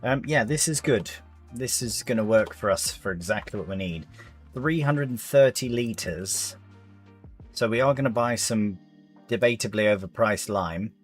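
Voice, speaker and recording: A man's voice: fairly low pitch, moderate pace, soft background music. A young man chatting casually on a gaming stream, rambling to his viewers and calling them mate. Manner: rambling, chatty, chuckling, talks to chat as mate. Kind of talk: casual live-stream chat while playing.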